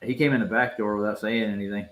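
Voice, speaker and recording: A man's voice: lowish voice, steady tone, quick pace, a bit bright, slight background noise, rough recording. A man hosting a live stream, chatting casually and laughing often with his guests.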